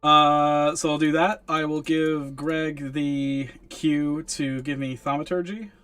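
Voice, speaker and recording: A man's voice: a little high, little pitch movement, slow, a bit bright, clear, resonant tone, soft background music. A man playing a tabletop game, carefully explaining his character's spells and rules with frequent ums. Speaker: player.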